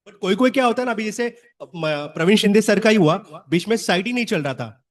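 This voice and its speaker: A man with an Indian English accent, an audience member raising a problem in halting, explanatory talk, mixing Hindi and English. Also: sits high, animated. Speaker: audience member asking questions.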